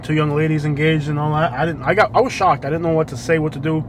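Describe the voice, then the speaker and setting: Man, rambling driver-vlogger, high-pitched, light road noise behind. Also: fairly even intonation, quick pace, rough recording. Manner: rambling storyteller with Southern slang, laughs often. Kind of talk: casual driving vlog chat. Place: inside a car driving at night. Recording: faint street noise behind. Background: faint road and traffic noise.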